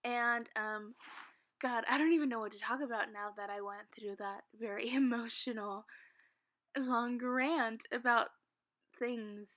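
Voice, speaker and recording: A young woman with a slightly high voice chats with her viewers in a loose storytime way. She giggles often and fills her sentences with "like" and "um". Her voice often sinks to a soft, low murmur. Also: steady tone, unhurried. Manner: chatty and giggly, full of "like" and "um". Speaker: Sims content creator. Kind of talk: casual storytime chat.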